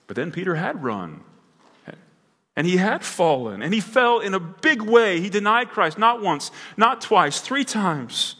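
A man's voice: high voice, very animated, measured pace, bright, forceful tone, slightly rough, in a large hall. A man preaching a sermon in a church, earnest and building to emphatic peaks, often restarting his words. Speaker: pastor. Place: church sanctuary.

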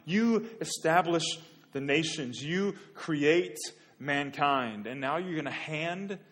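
Man preaching, hushed then pleading loudly. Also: fairly high pitch. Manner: swings from hushed to loud, pleading rhetorical questions. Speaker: pastor. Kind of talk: sermon.

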